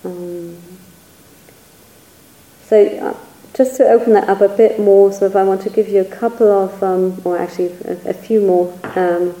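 A woman's voice: medium pitch, steady tone, normal speed, dark tone, reverberant, poor audio. A woman teacher giving a reflective Buddhist dharma talk, searching for words and hedging often as she speaks. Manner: reflective, searching, hedges with "sort of".

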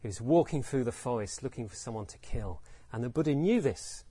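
A man's voice: medium pitch, expressive, brisk, mellow, breathy edge, dry recording. Reflective man giving a Buddhist talk. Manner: reflective, poses rhetorical questions, acts out quotes. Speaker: Buddhist teacher. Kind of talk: Dharma talk with storytelling.

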